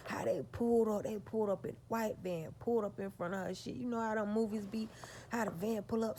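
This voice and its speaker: A woman's voice: mid-range voice, a little fast, darkish tone, slight background noise. A woman vlogger telling a story straight to her viewers, profane and emphatic.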